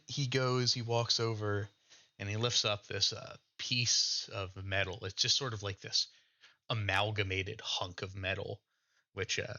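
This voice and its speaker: A man running a tabletop game as game master, narrating and calling for dice checks in a relaxed, joking way. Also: fairly low pitch, highs cut off.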